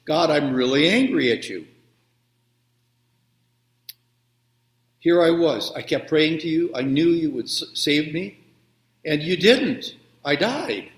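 A man's voice: medium pitch, unhurried, a bit bright. A man doing a devout, stubborn flood victim. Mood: indignant. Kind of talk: storytelling a children's sermon. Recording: roomy echo.

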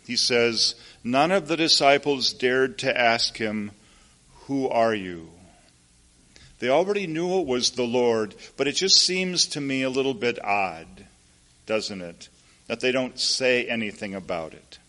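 Slow-paced male preacher telling a story. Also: mid-range voice, expressive, pushed and bright. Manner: unhurried storytelling with asides to listeners. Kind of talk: sermon.

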